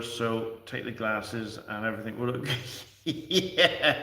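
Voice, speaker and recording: A man's voice: mid-range voice, a bit bright. Chatty man in an echoey room. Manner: chatty and rambling, answering viewers with restarts and fillers. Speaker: livestream host. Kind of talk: casual livestream chat. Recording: echoey room, distant from the mic.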